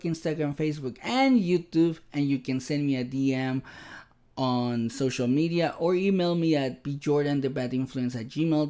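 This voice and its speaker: A man hosting a podcast, telling a personal story in an animated, self-deprecating way. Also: on the high side. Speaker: podcast host. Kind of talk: casual storytelling monologue.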